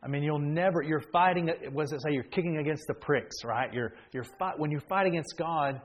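Pastor preaching a conversational sermon. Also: male voice, fairly high pitch, a little fast, poor audio. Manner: conversational storytelling that builds to emphatic preaching; frequent restarts and fillers.

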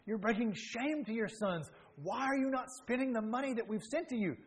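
A man's voice: extremely high pitch, fairly quick, slight background noise, pitched above the performer's own voice. A man doing an agitated, pleading grown son. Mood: upset. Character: anxious, upset grown son scolding his mother.

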